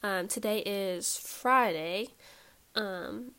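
A woman's voice: medium pitch, drawn-out words, sharp tone, clean tone. A woman in her twenties with a stuffy nose, hosting a casual solo podcast and rambling through life updates with lots of ums and likes. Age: 20s. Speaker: podcast host.

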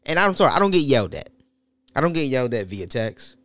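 A man with children, in casual chat, blunt and profane, telling stories with lively delivery. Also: mid-range voice, fast, dry recording. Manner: blunt, profane, animated, laughs at his own jokes.

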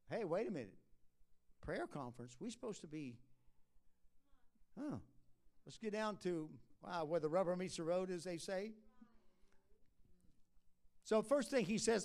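A man preaching a sermon at a prayer conference, moving from quiet musing to loud, impassioned exhortation. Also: high-pitched, expressive, measured pace, long pauses.

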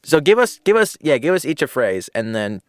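A man's voice: a little high, big pitch swings, fairly quick, slight background noise. A man co-hosting a podcast, jokey and teasing. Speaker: podcast co-host. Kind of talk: casual chat.

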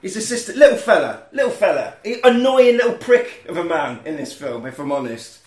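An animated man hosts a podcast, recapping a film and jumping into put-on voices. His voice sits a bit high. The recording is roomy and echoey, with faint music underneath. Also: fairly quick. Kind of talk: casual chat.

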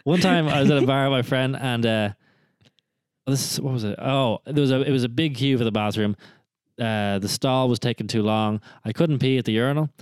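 A man's voice: mid-range voice, fairly quick, clear, resonant tone, dry recording. A young man co-hosting a podcast, telling rambling stories with frequent restarts. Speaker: podcast co-host. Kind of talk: casual chat.

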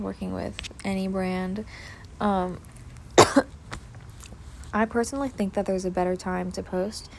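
A woman's voice: mid-range voice, gravelly, darkish tone. A young woman hosting a casual podcast, rambling and swearing freely with lots of fillers, recorded outdoors in a backyard. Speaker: podcast host. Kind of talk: casual chat. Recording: faint outdoor background noise. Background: outdoor ambience.

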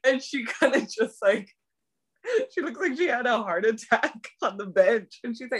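A young woman co-hosting a casual chat, excitedly retelling scenes in slangy talk. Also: fairly high pitch, moderate pace, breathy edge. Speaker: podcast co-host. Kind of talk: casual chat recapping a drama.

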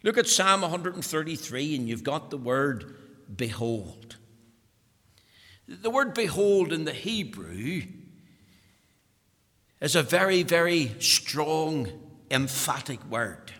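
A man's voice: on the high side, sing-song, takes it slowly, long pauses, fairly bright tone. A man preaching a sermon in a church, earnest and emphatic, repeating words for stress. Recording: long hall reverb.

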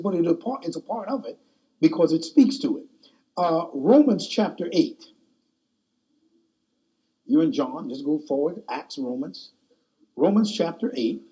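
A man's voice: high voice, mellow, husky. A man preaching a sermon, telling a personal story in a folksy, colloquial way.

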